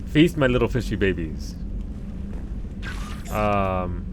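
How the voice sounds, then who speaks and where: A man's voice: medium pitch, lively intonation, brisk, noisy background. A man chatting casually on a live game stream at home, rambling, swearing freely and laughing often.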